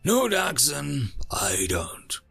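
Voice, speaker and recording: A man's voice: on the high side, huge pitch swings, extremely slow, vocal fry, a bit bright, breathy edge, soft background music, pitched above the performer's own voice, heavily acted. A man doing a pleading, static-crackled traitor. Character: beaten male armored traitor, pleading.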